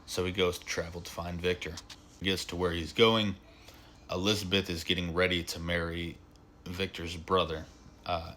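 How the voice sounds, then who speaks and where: Male film reviewer, deep and punchy, loose and filler-heavy delivery, faint background hiss. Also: sharp tone. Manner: rambling, filler-heavy retelling with frequent "like" and "um". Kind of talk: casual spoken film review.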